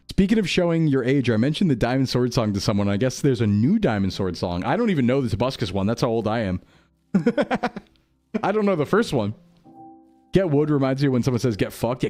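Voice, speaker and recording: A man's voice: mid-range voice, a little mellow. A young man rambling through casual gameplay commentary, jokey and self-mocking. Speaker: streamer.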